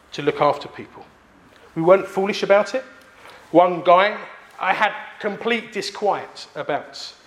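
Male preacher, 40s, high voice, emphatic sermon delivery. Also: fairly bright tone. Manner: emphatic, pausing for effect.

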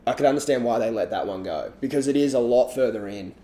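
A man chatting casually about competition surfing, relaxed and rambling, with frequent restarts. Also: mid-range voice, fast talker. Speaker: surf analyst guest. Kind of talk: casual podcast chat.

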